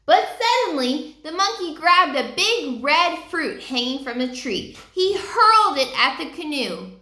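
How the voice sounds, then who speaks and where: A woman reads a children's book aloud, expressive and unhurried, and stops to ask her listeners questions. Her voice is high, lively and bright. It rings in a roomy space. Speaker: storyteller reading aloud. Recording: roomy echo.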